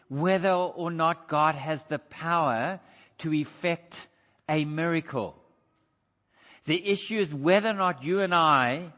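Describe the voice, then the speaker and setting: A man's voice: on the high side, a bit bright. A man preaching a sermon in an earnest, questioning way, with slips and self-corrections. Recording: dull sound with long hall reverb.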